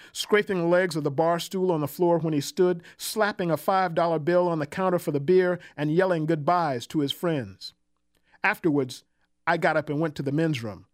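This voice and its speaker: Man reading a personal story. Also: a little high. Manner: measured, wry, reflective. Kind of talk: literary first-person narration.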